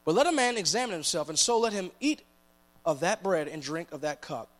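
A man's voice: fairly high pitch, expressive, a little fast. A man preaching a sermon, reading scripture aloud and then explaining it in plain, conversational talk.

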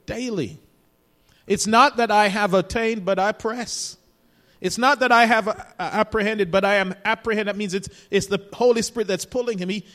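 Male pastor, high-pitched, preaching with rising emphasis in a church with long reverb. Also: a bit bright. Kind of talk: sermon. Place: church sanctuary.

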